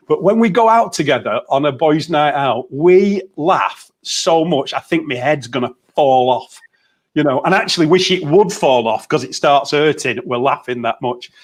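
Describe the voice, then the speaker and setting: Man, chatty storyteller, laughs easily, slightly high voice, video call. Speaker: motivational coach. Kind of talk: casual group chat.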